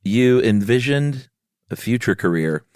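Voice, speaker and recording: A man's voice: mid-range voice, expressive, measured pace, darkish tone, dry recording, clean studio sound. A middle-aged man co-hosting a podcast, laid-back and teasing, often laughing. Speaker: podcast co-host. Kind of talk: casual chat.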